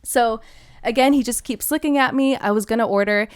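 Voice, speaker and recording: Young woman, podcast co-host, casual storytelling, animated, laughs often, smooth clear voice. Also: a little high, fairly quick.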